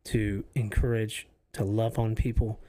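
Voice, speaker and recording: A man's voice: fairly low pitch, little pitch movement, measured pace, mellow. A man co-hosting a faith podcast in casual chat, speaking earnestly and reflectively, often stopping and restarting his sentences. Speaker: podcast co-host. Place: office used for recording podcasts.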